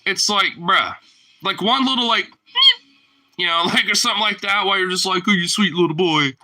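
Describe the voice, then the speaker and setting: A man delivers a loose, rambling monologue at normal speed, swearing and using slang and filler words. His volume shifts from loud bursts to low muttering, and the recording is rough.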